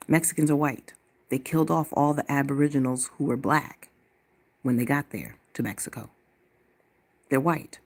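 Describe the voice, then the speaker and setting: A woman's voice: extremely low pitch, normal speed, a little mellow, slightly rough. Blunt, profane woman ranting to camera. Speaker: vlogger.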